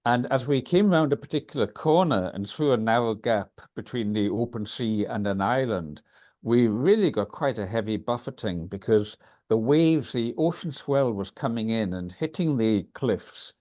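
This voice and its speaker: A man from Scotland with a Scottish accent, a podcast guest telling stories in an animated way. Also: moderate pace. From Scotland, Isle of Lewis. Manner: animated storyteller, pitch leaps when excited. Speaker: guest, writer. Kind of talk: conversational storytelling.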